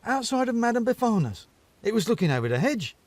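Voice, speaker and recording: Brief: a man playing a jittery storybook hedgehog, high, stammering, dry studio sound. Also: very animated, fast talker, no echo. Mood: flustered. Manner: stammering, flustered. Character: small fretful hedgehog, timid and polite.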